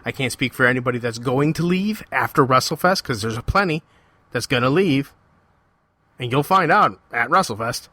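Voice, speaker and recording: A man's voice: medium pitch, animated, normal speed, sharp tone, no echo. A man hosting his own podcast, talking alone in a heated, confrontational rant with repeated, emphatic phrasing. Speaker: podcast host. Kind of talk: solo podcast monologue.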